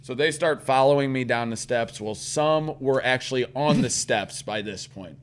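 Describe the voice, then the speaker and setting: A man's voice: mid-range voice, normal speed, slight background noise. Profane St. man telling a story. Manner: profane, rambling anecdote with acted-out quotes. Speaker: podcast co-host. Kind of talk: casual storytelling chat.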